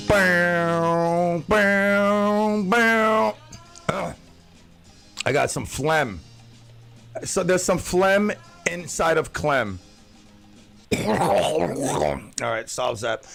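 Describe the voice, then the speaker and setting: A man's voice: fairly high pitch, sing-song, slow pace, vocal fry, pauses often, a bit bright, soft background music. A man hosting his own radio talk show alone, joking and rambling with playful tall tales.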